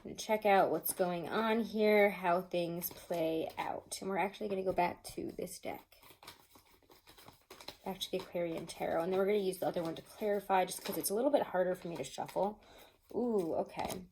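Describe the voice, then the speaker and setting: A woman's voice: lowish voice, moderate pace, darkish tone, slight background noise, rough recording. A woman doing a casual tarot reading to camera, chatty and rambling, often breaking into laughter. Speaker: tarot reader.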